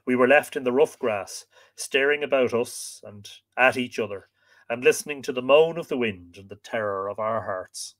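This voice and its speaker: A man's voice: mid-range voice, normal speed, close to an everyday voice. A man voicing a frightened, humble male servant in a read-aloud myth, in a pleading delivery. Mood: fearful.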